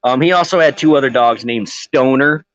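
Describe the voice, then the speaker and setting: A man's voice: mid-range voice, normal speed, no echo, lo-fi sound. A man co-hosting a casual podcast, swearing freely, rambling through stories and laughing at his own jokes. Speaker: podcast co-host.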